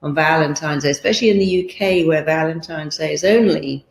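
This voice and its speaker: A woman's voice: low-pitched, fairly quick, vocal fry. A middle-aged woman giving an emphatic motivational talk, acting out quoted voices as she coaches. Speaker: therapist and motivational speaker. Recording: roomy echo.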